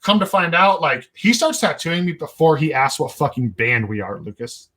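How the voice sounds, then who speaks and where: A man's voice: a little high, moderate pace, pushed and bright. A young man hosting a podcast, telling a long story in a rambling, profane, laid-back way. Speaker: podcast host. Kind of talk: casual storytelling chat.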